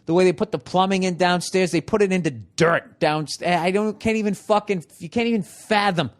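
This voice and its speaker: Male podcast host, solo comedic rant, heavy swearing, jumps from loud outbursts to muttered asides. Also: brisk. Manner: animated, profanity-laced ranting that swings between loud outbursts and low muttering; rhetorical questions to listeners.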